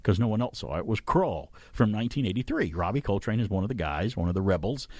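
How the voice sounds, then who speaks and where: A male radio host with a fairly low voice that rises and falls a great deal as he talks. He rambles in an easygoing way, often stopping to correct himself. The studio sound is close and dry. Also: very animated, fast, a little mellow, no echo. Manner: rambling, chatty, self-correcting. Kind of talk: casual chat radio talk. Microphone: studio microphone.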